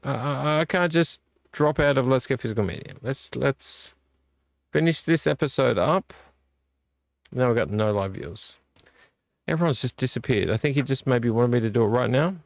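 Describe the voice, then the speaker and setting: A man's voice: mid-range voice, moderate pace, gravelly, no room sound. A middle-aged man, hosting a casual live-stream vlog in a rambling, easily distracted way. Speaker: vlog host.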